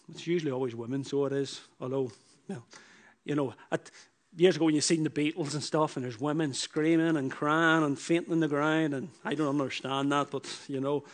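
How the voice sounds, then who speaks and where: A man preaching a sermon, who repeats his phrases and swings from loud emphatic bursts to hushed, low lines.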